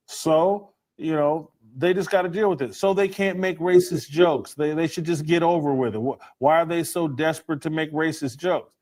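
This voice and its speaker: A man's voice: fairly high pitch, normal speed, few pauses. A man giving opinionated commentary and firing off rhetorical questions.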